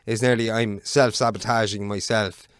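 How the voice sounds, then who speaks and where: A man's voice: lowish voice, fairly even intonation, normal speed, clean tone, no room sound, clean studio sound. Sweary man telling stories. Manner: sweary, rambling storyteller. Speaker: podcast guest. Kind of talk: casual chat.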